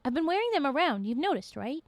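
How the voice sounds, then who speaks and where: A woman's voice: high voice, sing-song, quick pace, dry recording. A woman voicing a chatty young woman who feels betrayed by someone she trusted, read aloud in a story. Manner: chatty, turns bitter. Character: young woman, friendly, then betrayed and angry.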